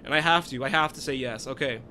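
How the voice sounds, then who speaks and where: A man giving excitable, swearing let's play commentary, often bursting out loudly. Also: medium pitch, fast talker, a little hiss or hum. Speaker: gaming video creator.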